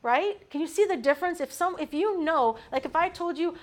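A woman with a high voice teaches scripture to a small group. She speaks in an animated way and keeps asking her listeners questions as she explains. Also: brisk, hardly any pauses. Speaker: Bible teacher. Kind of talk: teaching a Bible study.

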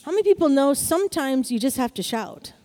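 Upbeat high-voiced woman preaching. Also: animated, a little fast, a little mellow, long reverb tail. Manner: upbeat, calls out "Amen?" to the congregation. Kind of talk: sermon.

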